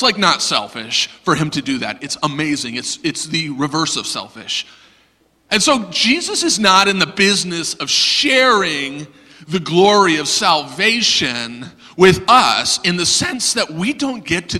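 Animated, bright-voiced male preacher. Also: fairly high pitch, long reverb tail. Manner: animated, self-deprecating storyteller. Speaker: pastor. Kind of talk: sermon with humorous storytelling.

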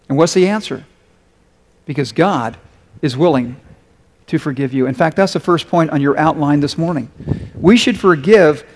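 A man's voice: a little high, big-room sound. A male pastor delivering a sermon, talking conversationally and asking his congregation questions as he reads and explains a story. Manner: conversational preaching with rhetorical questions.

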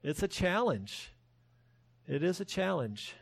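Pastor, male, high-pitched, earnest sermon delivery, dry close-miked sound. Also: very animated, slow pace, vocal fry, dry recording. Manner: earnest preaching with rising emphasis and self-deprecating humor.

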